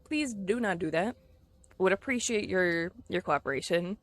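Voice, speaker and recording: A woman's voice: on the low side, expressive, normal speed, no echo. A woman streaming a video game, chatting casually and laughing easily with her viewers as she plays. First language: English. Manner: chatty, giggly, easily distracted. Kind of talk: casual gameplay chat with viewers.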